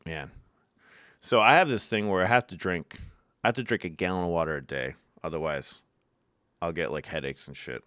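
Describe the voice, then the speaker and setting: A young man with a very low, smooth, resonant voice, talking casually to his live chat from home. He reads out messages, answers in a loose and profane way, and laughs at his own stories. The sound is close and dry, with no room echo. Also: moderate pace, long pauses, fairly bright tone. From Syracuse, New York.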